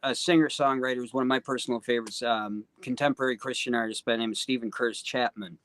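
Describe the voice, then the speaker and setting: A man's voice: mid-range voice, steady tone, fast talker, fairly bright tone. Earnest man, heartfelt and rambling. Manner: earnest, heartfelt, full of "you know" and "um". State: choked up. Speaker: guest singer-songwriter. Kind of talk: casual interview talk.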